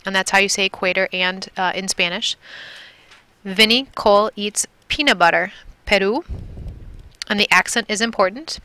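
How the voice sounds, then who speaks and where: In this recorded classroom lesson, a Milwaukee, Wisconsin woman drills Spanish vocabulary, patiently going over words again and again. She speaks at normal speed in a mid-range voice with a sharp, clean tone.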